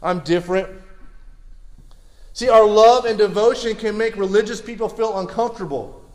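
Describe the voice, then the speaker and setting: High-voiced energetic preacher man, echoey room. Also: moderate pace. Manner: energetic, conversational, repeats words, asks the crowd questions. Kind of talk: sermon.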